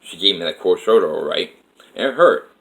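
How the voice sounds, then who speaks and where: A man's voice: low-pitched, lively intonation, normal speed, gravelly, a bit bright, rough recording. A man telling a personal life story to camera in a rambling, emotional way, with frequent restarts.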